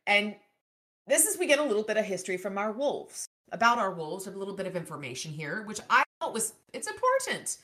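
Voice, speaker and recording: A woman's voice: medium pitch, sing-song, a little fast, bright, forceful tone. A woman co-hosting a book podcast, chatting casually and reading passages aloud from the novel.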